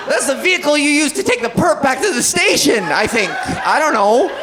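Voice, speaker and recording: A woman's voice: high-pitched, sing-song, moderate pace, hardly any pauses. A woman in her thirties performing a stand-up comedy set on a club stage, telling rambling, playful stories. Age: 30s. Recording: noisy club with laughing crowd.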